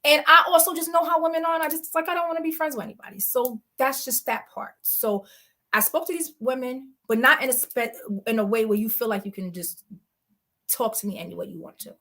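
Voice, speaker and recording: A woman guest telling a story in an animated, blunt way. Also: high-pitched, brisk. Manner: blunt and emphatic, acts out quoted exchanges.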